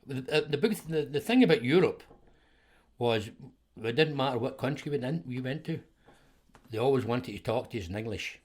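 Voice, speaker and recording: A man's voice: medium pitch, expressive, fairly quick, darkish tone. A Scottish man in his seventies, a podcast guest rambling through anecdotes with frequent chuckles and restarts. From Scotland. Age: 70s. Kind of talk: casual storytelling conversation.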